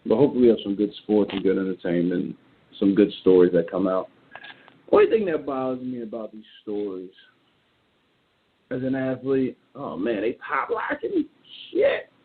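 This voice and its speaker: A man hosting a show, ranting in casual commentary in a blunt, animated way and swearing often. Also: fairly low pitch, normal speed. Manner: animated, blunt and profane, reacting aloud. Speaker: show host. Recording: tinny phone-like sound.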